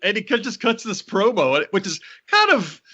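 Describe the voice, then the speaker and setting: A man co-hosting a podcast in casual chat, telling stories in an animated way with many restarts and laughs. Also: sits high, normal speed, highs cut off. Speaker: podcast co-host.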